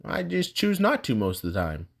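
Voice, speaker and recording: A man voicing an easygoing young male student who stays calm. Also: mid-range voice, normal speed, creaky, pitched above the performer's own voice, full character voice.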